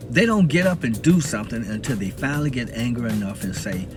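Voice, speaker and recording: A man's voice: mid-range voice, expressive, fast talker, over loud music. A man from the Southern US talking to camera in a casual, preaching monologue and laughing often between points. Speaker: video blogger.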